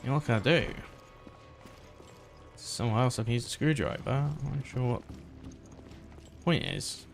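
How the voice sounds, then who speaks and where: A man's voice: mid-range voice, unhurried, long pauses. A man talking to himself in a wry, muttering way while playing a video game. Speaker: gameplay streamer. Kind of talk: casual let's-play commentary. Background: game music.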